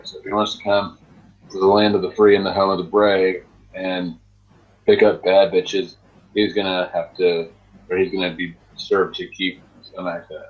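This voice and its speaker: A young man in casual chat with friends indoors, crude and joking in a brash way. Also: low-pitched. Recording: dull lo-fi sound.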